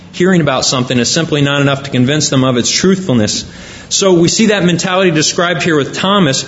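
A man's voice: fairly high pitch, muffled recording, slight background noise. A man preaching a sermon, reading scripture aloud and explaining it point by point.

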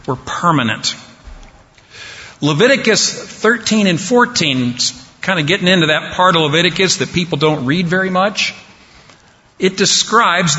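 A man preaching a sermon slowly and deliberately, pausing for effect. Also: a little high, pushed and bright. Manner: slow, deliberate preaching with dramatic pauses. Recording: dull sound with long hall reverb.

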